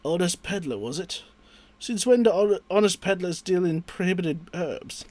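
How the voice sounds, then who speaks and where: Stern guard captain voiced by a man, barks orders, high voice pushed harder. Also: lively intonation, moderate pace, darkish tone, no room sound. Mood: menacing. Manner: barking orders, commanding. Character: stern male city guard officer. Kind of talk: reading game dialogue aloud.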